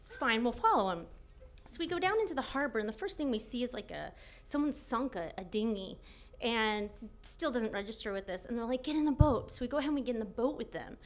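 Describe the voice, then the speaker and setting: High-pitched young woman storyteller; animated comic anecdote, laughing through it. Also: fast talker. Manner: animated, laughing often, acting out quotes.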